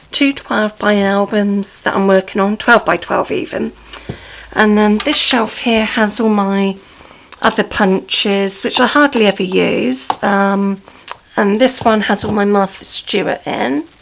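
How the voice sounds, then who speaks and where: A woman with a hoarse, sore-throated voice gives a slow, hesitant, apologetic tour of her room, with many ums. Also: medium pitch. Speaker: crafting vlogger. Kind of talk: casual room tour vlog. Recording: dull lo-fi home video with faint noise.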